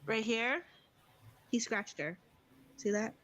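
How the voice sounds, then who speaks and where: A chatty woman telling a home story with a slightly high voice. She keeps restarting her sentences and peppers them with fillers, and she slips into quoted lines as she talks. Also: slow, fairly bright tone. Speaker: vlogger and mother. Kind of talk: casual chat with a friend on a livestream.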